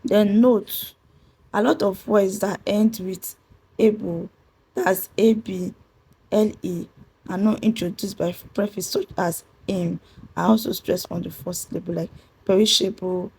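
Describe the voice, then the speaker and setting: A woman, teaching a pronunciation lesson and spelling out letters as she repeats each rule slowly. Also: medium pitch, steady tone, vocal fry, darkish tone, slightly rough, poor audio. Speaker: English teacher.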